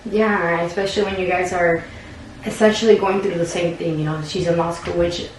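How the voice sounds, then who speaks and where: A woman counselor in a counseling session, calmly reflecting back what her client says. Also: lowish voice, a little fast. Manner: calm, reflective paraphrasing. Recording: very echoey room, distant mic, faint noise.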